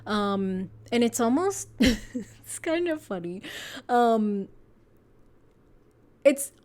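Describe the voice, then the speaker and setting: A woman with a fairly high, slightly mellow voice gives a casual pick-a-card tarot reading, talking very slowly with lively intonation. She's chatty and meandering, using lots of fillers, laughing often and swearing casually.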